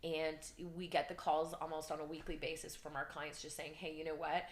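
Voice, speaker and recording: A woman, a real estate coach and podcast guest, chatting energetically and telling animated stories. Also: low-pitched, a little fast. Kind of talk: casual podcast chat. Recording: roomy echo.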